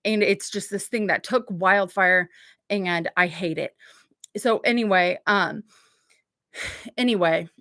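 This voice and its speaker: A woman's voice: medium pitch, a bit bright, dry recording, clean studio sound. A woman hosting a livestream in a casual, rambling way, full of filler words and blunt swearing. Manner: rambling, chatty, heavy on "like" fillers. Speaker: livestream host.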